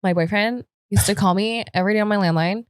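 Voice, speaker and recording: A woman's voice: mid-range voice, fast talker, smooth, no room sound, clean studio sound. A woman co-hosting a podcast, laid-back and chatty. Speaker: podcast co-host. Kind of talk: casual chat.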